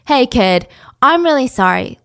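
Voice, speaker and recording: Woman doing a smooth-talking fake FBI man. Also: high-pitched, big pitch swings, measured pace, exaggerated voice. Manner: coaxing, persuasive. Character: smooth-talking middle-aged man posing as an FBI agent.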